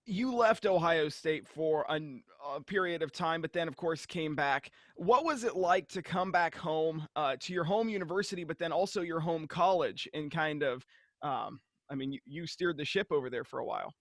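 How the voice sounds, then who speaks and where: A man's voice: fairly high pitch, moderate pace, a bit bright, no echo. A man hosting an interview, asking questions hesitantly with restarts and fillers. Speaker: interviewer, host.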